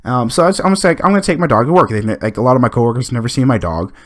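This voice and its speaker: A podcast host telling a long rambling story in casual chat, full of restarts and fillers, acting out what people said. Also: male voice, medium pitch, animated, racing.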